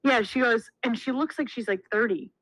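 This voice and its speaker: A woman in her twenties, co-hosting a casual chat podcast and telling stories in an animated way, acting out the quotes. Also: fairly high pitch, normal speed, no room sound, rough recording. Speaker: podcast co-host.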